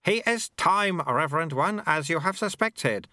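A man voicing a stern, sharp-tongued old male sweeper monk who snaps his words, in an audiobook. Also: fairly high pitch, expressive, a little slow, no echo, clean studio sound, pitched above the performer's own voice. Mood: stern, scolding. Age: older. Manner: snapping, stern. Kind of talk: audiobook character voice.

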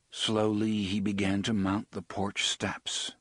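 Male audiobook narrator, husky, deliberate suspense delivery, dry close sound. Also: lowish voice, completely flat delivery, fairly bright tone, no room sound. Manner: measured, suspenseful, slowing on tense beats. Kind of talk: scripted narration.

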